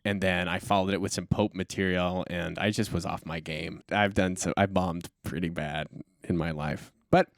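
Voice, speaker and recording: A man's voice: sits low, fairly even intonation, normal speed, no room sound, studio quality. A man who is a stand-up comedian, chatting casually as a podcast guest in a rambling, self-deprecating way.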